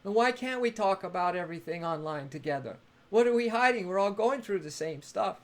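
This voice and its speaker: Man, high-pitched and creaky, gushing spiritual stream host who laughs a lot. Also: expressive, fairly quick. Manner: effusive and affectionate, chatty, laughs often; greets and thanks viewers by name. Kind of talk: live-streamed spiritual talk.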